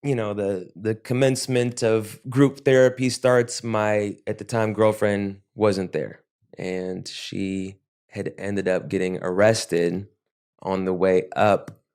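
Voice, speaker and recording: Low-voiced man talking reflectively. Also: flat delivery, a little mellow, clean tone. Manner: reflective, halting with restarts. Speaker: guest. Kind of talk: podcast interview.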